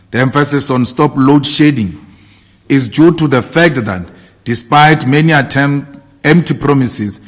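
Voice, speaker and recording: A man delivering a formal political statement in a declamatory, repetitive rallying cadence. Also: medium pitch. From South Africa. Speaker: party leader giving a statement.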